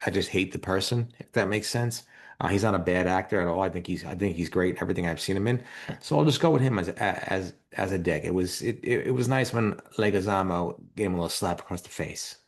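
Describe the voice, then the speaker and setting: Low-voiced man rambling about movies. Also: fast. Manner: rambling, repeats words, emphatic. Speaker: podcast co-host. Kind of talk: casual movie chat.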